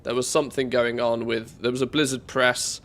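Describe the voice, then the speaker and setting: A man's voice: medium pitch, flat delivery, normal speed, fairly bright tone. Congested man streamer chatting casually. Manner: rambling, many fillers and restarts. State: congested from a cold. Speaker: game streamer. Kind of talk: casual live-stream chat.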